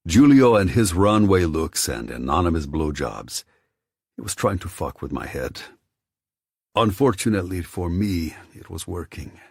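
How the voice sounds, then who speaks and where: A male audiobook narrator with a very low, husky voice reading first-person dark romance. The recording is close and dry, with no room sound. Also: very animated, unhurried, no echo. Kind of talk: scripted narration.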